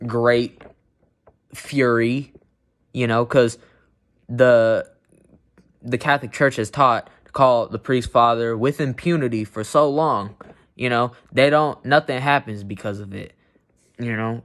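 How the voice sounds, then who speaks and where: A man's voice: medium pitch, a bit bright. A man reading Bible verses aloud and commenting on them bluntly and emphatically, with many "you know" fillers.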